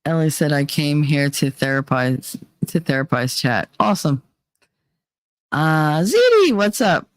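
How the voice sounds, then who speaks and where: A woman's voice: sits low, very animated, measured pace, no room sound. Woman streamer talking straight to chat, kinda tired voice, jokey and frank, super dry close sound. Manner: candid, joking, drifts between reading chat and musing aloud. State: tired, voice worn. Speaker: livestream host reading chat. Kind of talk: casual livestream chat.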